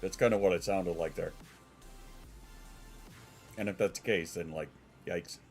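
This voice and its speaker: On his home stream, a deep-voiced man who sounds stuffy and congested chats at a measured pace in a steady tone. He rambles, swears casually and answers viewers along the way, while soft music plays faintly.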